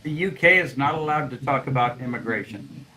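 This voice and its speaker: A man's voice: mid-range voice, animated, brisk, crowd noise, rough recording. A man in casual group chat who shares facts and tells anecdotes. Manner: chatty, trading facts and anecdotes. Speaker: chat participant.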